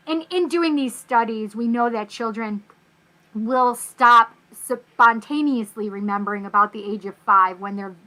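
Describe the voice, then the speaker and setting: A woman from North America, a guest telling a personal story in casual, animated talk, acting out the voices in her quotes. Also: on the high side, rough recording.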